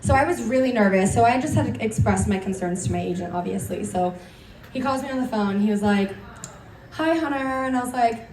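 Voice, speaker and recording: A woman telling an animated, giggly story as a guest on a convention panel. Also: medium pitch, brisk. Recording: roomy hall, distant mic, noisy.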